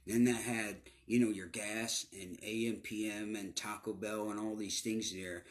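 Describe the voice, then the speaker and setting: A man's voice: on the low side, level tone, unhurried. A middle-aged man telling his own story casually, swearing often, stumbling over repeated words and sometimes sinking to a near-whisper. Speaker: storyteller recounting his life.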